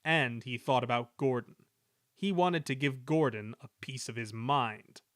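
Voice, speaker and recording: A man reading a children's railway story aloud in a measured, expressive way. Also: mid-range voice, no echo, clean studio sound. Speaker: reader.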